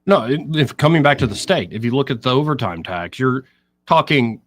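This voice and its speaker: A man's voice: medium pitch, brisk, dry recording, clean studio sound. A man hosting talk radio, explaining politics and mimicking what others say. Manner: explanatory, quotes others in an animated voice. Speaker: radio talk show host.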